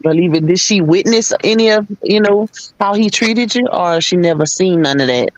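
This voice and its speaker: Slightly high-voiced man, dry sound. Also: animated, normal speed, no echo, low-quality recording. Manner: supportive listener with short affirmations. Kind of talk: casual chat.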